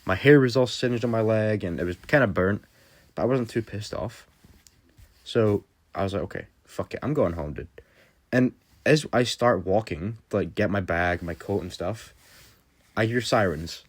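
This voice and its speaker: A young man with a slightly low voice tells a story to camera. His talk is loose and rambling, padded with fillers and casual swearing. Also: normal speed. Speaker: vlogger. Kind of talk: storytime vlog.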